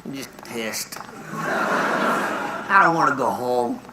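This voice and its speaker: A man voicing a grumpy, sour old man with a low, grumbling, deadpan delivery on stage. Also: takes it slowly. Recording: roomy noisy stage recording. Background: loud audience.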